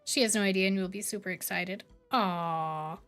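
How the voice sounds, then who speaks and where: A woman in her thirties, a streamer chatting casually with her live chat, rambling between bright greetings and quiet low asides. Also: normal speed, smooth, soft background music.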